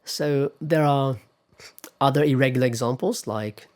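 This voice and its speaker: A man's voice: medium pitch, unhurried. A man giving a classroom lecture on pronunciation, patiently explaining step by step and putting questions to his students.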